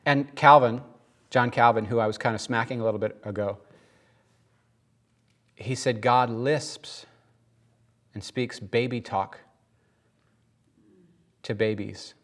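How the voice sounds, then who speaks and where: A man preaching a conversational sermon, animated and joking as he goes. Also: medium pitch, takes it slowly, long pauses. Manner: animated, laughs and jokes mid-sentence.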